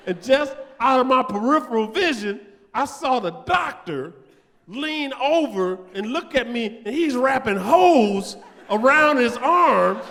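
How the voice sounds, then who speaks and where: A high, lively male voice doing stand-up on a theater stage, lurching from hushed asides to loud punchlines. He acts out the people in his story with big swings in tone. The sound rings with the long reverb of a big hall. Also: measured pace. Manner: animated, acts out both sides of conversations with big vocal swings. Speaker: stand-up comedian.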